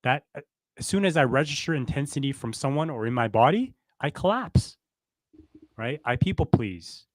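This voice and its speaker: A man's voice: medium pitch, expressive, normal speed, no echo. A man co-hosting a relationship podcast, talking casually and reflectively, explaining ideas with everyday examples and checking in with "right?". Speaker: podcast co-host. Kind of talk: casual relationship coaching talk.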